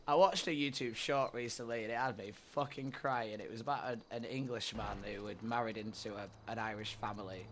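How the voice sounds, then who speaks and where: A man streaming a roleplay game, chatting with his viewers in a relaxed, rambling way and swearing freely. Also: on the low side, fairly quick, few pauses, slight background noise. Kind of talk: casual chat with viewers during a roleplay stream.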